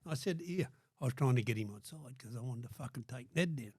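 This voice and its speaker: A man's voice: medium pitch, expressive, fast, dark tone, slightly rough, dry recording, studio quality. An older Australian man telling blunt, profanity-laden stories in a casual interview, acting out what people said. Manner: blunt, swears constantly, acts out quotes. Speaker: guest.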